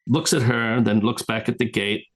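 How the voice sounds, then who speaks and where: A man's voice: medium pitch, fairly even intonation, fairly quick. A man, a guest filmmaker, telling a long story casually in an interview, retelling scenes with many restarts and fillers.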